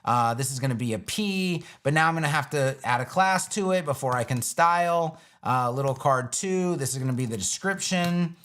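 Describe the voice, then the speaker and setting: A man's voice: fairly high pitch, normal speed, hardly any pauses, fairly bright tone. Casual man teaching web design live. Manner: casual, talks himself through each step while building. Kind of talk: live-streamed screen-share tutorial.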